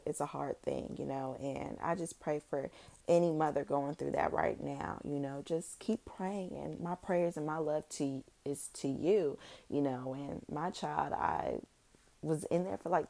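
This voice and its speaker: Very deep-voiced woman vlogging heartfelt. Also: creaky, warm tone. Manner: heartfelt, rambling, many fillers. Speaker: vlogger and new mother. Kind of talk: casual personal vlog talk to viewers.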